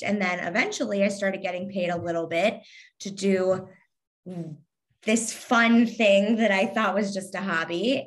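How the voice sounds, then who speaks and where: A woman's voice: fairly low pitch, a bit bright. Kentucky lady in her 30s, slight southern twang, sarcastic witty chat, lotsa ums. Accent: light Southern (Kentucky) twang. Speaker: guest, Instagram influencer. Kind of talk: casual interview chat.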